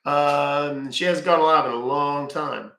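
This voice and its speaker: A man chatting on a live stream from home, with a gravelly, bright and forward voice. He rambles loosely, thanks viewers by name and swears casually. The sound is echoey, as if recorded in a bare room. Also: fairly high pitch, slow pace. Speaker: live-stream scambaiter host.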